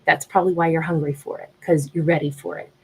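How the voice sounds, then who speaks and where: Husky low-voiced woman reading tarot. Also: fairly even intonation, quick pace, poor audio. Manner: gentle, reflective, conversational. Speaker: tarot reader.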